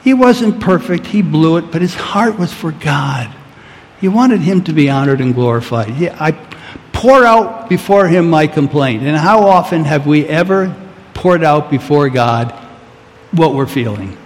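Male pastor, fairly high voice, earnest sermon delivery with pleading peaks, long hall reverb. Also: lively intonation, measured pace.

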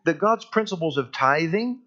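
A man preaching a sermon as pastor in a church, earnest and emphatic, slowing down on key words. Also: a little high, expressive, fairly bright tone, muffled recording.

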